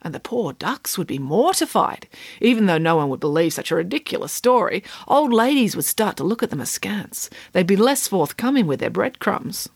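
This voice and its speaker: A playful mum spins an absurd tale in a mock-serious, matter-of-fact tone, voiced by a woman reading a storybook. Her pitch rises and falls a lot, in a dry recording. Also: very animated, normal speed, breathy edge, dry recording. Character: playful imaginative mother spinning a tall tale.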